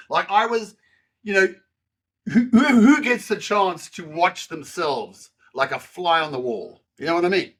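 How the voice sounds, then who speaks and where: Aussie guy in his 60s, bright edgy voice, blunt and animated, swears a lot, self-deprecating. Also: high voice, measured pace. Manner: frank, animated, swears freely, frequent self-deprecating asides. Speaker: guest. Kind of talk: candid conversational storytelling.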